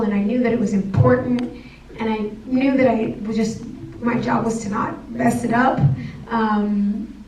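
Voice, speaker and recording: A woman, an actress on a screening panel, speaking earnestly and thoughtfully with hesitant restarts. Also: fairly high pitch. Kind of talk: panel Q&A chat. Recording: roomy and distant with faint noise.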